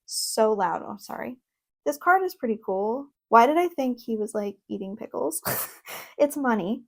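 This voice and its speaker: A young woman in a casual vlog, reviewing an oracle deck at home, reading card meanings aloud between excited, chatty asides and laughs. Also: on the high side, a little slow. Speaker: tarot content creator. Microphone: own microphone.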